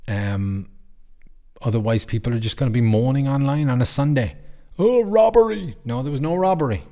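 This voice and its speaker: A man's voice: medium pitch, brisk, warm tone. A man hosting a podcast, talking casually and bluntly, with plenty of swearing and rants. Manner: blunt, profane, ranting. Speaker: podcast host. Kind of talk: casual opinion chat.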